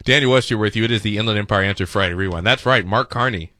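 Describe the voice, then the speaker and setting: A man hosting a talk radio show, mocking the clips he plays with quick sarcastic asides. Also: fairly low pitch, sharp tone, dry recording, clean studio sound.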